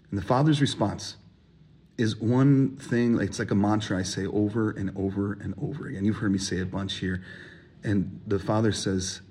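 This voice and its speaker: Husky guy preaching, gets loud and then drops real quiet, acts out the characters. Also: mid-range voice, normal speed. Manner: animated, acts out voices in quotes, rising emphasis. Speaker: pastor. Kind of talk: sermon.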